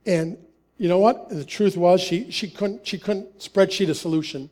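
A man with a noticeably high voice delivers a sermon built on personal anecdotes. He talks like he's chatting with the congregation, laughing easily and slipping into the voices of the people in his stories. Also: normal speed, a little mellow. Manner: conversational, laughs often, acts out dialogue. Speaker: preacher.

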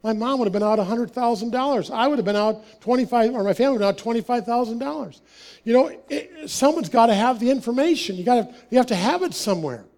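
A man's voice: very high voice, expressive, quick pace, a little mellow. A man preaching a sermon, telling personal stories in a conversational way, chuckling often and acting out the dialogue.

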